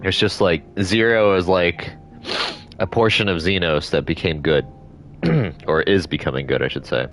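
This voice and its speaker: A man's voice: sits low, moderate pace, fairly bright tone, soft background music. Chatty man streaming a game. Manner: chatty, rambling, reads character lines plainly. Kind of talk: casual game commentary, reading dialogue aloud.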